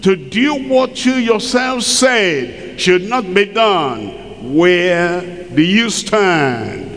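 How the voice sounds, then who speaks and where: Expressive preacher in an echoing hall. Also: male voice, high-pitched. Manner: emphatic, rhetorical questions, acts out quoted people. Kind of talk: sermon. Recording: long hall reverb.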